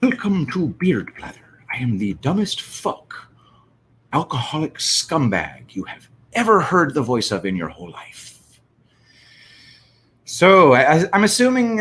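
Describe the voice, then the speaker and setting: A man's voice: fairly high pitch, fairly bright tone. A man hosting a casual livestream, rambling and profane with many fillers and restarts, who also reads a listener's story aloud. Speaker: livestream host.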